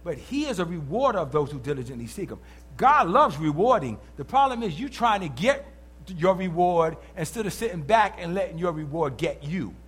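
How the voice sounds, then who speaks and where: A man's voice: a little high, moderate pace, breathy edge. A male preacher giving an emphatic sermon and calling out questions to the congregation. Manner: animated, emphatic, calls out to the congregation.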